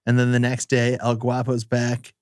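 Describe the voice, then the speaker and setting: A man's voice: medium pitch, monotone, normal speed, a little mellow, no echo, clean studio sound. A man co-hosting a podcast, chatting casually about a film, laughing often and acting out movie lines. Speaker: podcast co-host.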